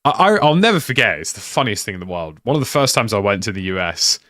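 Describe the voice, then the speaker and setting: A young British streamer talks in a loose, rambling way, stacking up "like" and restarting his sentences. His voice sits fairly low. The sound is dry, with no room echo. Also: big pitch swings, fast talker, fairly bright tone. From United Kingdom. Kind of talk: casual live-stream chat.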